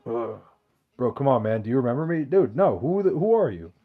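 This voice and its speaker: A man's voice: mid-range voice, big pitch swings, fast, narrow, tinny audio. A man hosting a podcast, reading out chat questions in loose, profane, joking banter. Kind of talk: casual chat.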